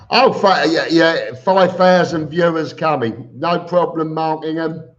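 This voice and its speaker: A man hosting a casual live stream, reading viewer comments aloud and answering them with chuckles. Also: a little high. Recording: dull lo-fi stream audio.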